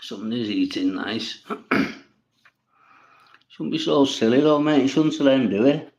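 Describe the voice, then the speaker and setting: A man's voice: medium pitch, expressive, slow pace, pauses often, a little mellow, muffled recording. A man hosting a casual livestream, reading viewers' comments and answering them bluntly, with plenty of swearing and rambling. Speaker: livestream host.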